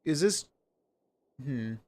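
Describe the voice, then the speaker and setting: A man's voice: fairly high pitch, expressive, drawn-out words, a little mellow. A man streaming a game, reading its narration aloud and chatting casually into a desk mic on an arm. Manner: casual, reads narration aloud, talks to himself. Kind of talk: let's play commentary and reading game text.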